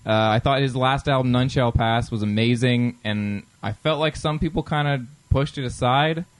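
A man's voice: mid-range voice, normal speed, clean tone, no room sound. A man co-hosting a casual music podcast, talking keenly about albums and swearing casually. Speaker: podcast co-host. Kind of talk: casual music review chat.

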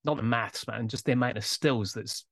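A man's voice: mid-range voice, normal speed. A man co-hosting a podcast, chatting casually with a teasing, playful manner. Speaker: podcast co-host.

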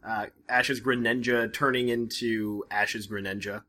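A man's voice: fairly low pitch, steady tone, measured pace, pushed and bright. A man co-hosting a casual podcast, rambling with lots of fillers and restarts. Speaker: podcast co-host.

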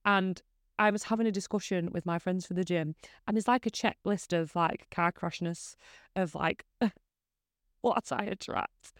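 A woman in her thirties talks on her own podcast, candid and rambling as she pokes fun at herself. Her voice has a gravelly fry yet stays smooth and clear. The sound is close and dry, with no room in it. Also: on the low side, unhurried, pauses often, dry recording. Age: 30s. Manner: candid, self-deprecating, rambling. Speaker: podcast host. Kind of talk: casual solo podcast chat.

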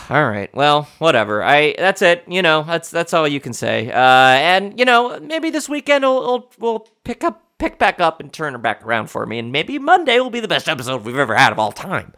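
A man's voice: fairly high pitch, big pitch swings, moderate pace, pushed and bright. A man hosting a casual solo podcast, rambling and mocking himself as he thinks aloud. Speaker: podcast host.

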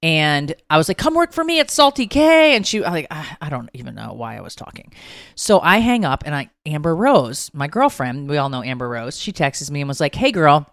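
A woman's voice: low voice, very animated, a little fast, creaky, fairly bright tone, no room sound, studio quality. A middle-aged mother chatting casually with family, rambling and poking fun at herself. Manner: chatty, rambling, self-mocking.

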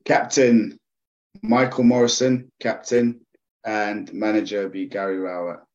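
Deep-voiced man, relaxed and laughing. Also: measured pace. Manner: relaxed, laughs often, hesitant with fillers. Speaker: guest, former player. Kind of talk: casual podcast chat. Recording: dull lo-fi sound.

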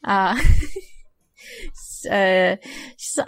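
A woman's voice: medium pitch, slow, no echo. A woman playing in a tabletop role-playing game, chatting casually, hesitant and often laughing. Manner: giggly, hesitant, lots of fillers. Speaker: player.

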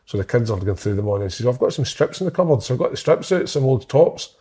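A man's voice: medium pitch, expressive, fast talker, warm tone, breathy edge. A man co-hosting a podcast, rambling and swearing in self-mocking casual chat. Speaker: podcast co-host.

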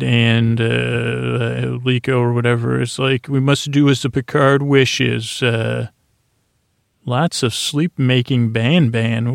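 A man with a gravelly, creaky voice recaps a TV episode on his podcast in a loose, meandering way. His delivery stays flat and level, full of filler words, and the sound is close and dry. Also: medium pitch, dry recording. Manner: rambling, with many filler words. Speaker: podcast host.

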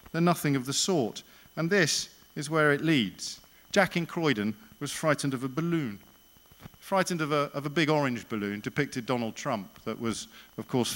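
A man giving a public talk at an evening event, sardonic and emphatic, firing rhetorical questions and slowing down for his punchlines. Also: fairly high pitch, a bit bright. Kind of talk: public speech with anecdote.

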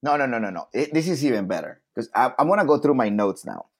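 Male co-host, mid pitch, lively and loose, swears freely, acts out the people he quotes. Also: quick pace, breathy edge. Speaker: podcast co-host. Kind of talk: casual chat.

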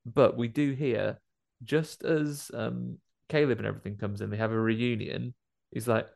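Gravelly man joking about a film. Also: on the low side, fairly even intonation, normal speed, darkish tone. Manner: jokey, playfully acts out film characters' lines. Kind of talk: casual film chat.

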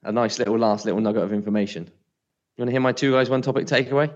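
A man's voice: mid-range voice, racing. Chatty man, slightly muffled. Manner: chatty, teasing, plays with accent impressions. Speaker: podcast co-host. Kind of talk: casual podcast chat. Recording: slightly dull lo-fi sound.

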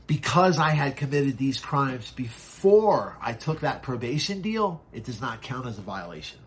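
A man's voice: mid-range voice, very animated, normal speed. A man telling a personal story in a casual, candid way, often swearing and acting out what others said. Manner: candid, profane, acts out quoted voices. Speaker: podcast guest.

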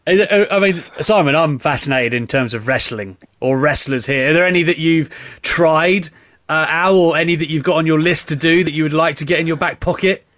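A male podcast co-host chatting with lively, laughing asides. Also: on the high side, brisk. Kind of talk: casual interview chat.

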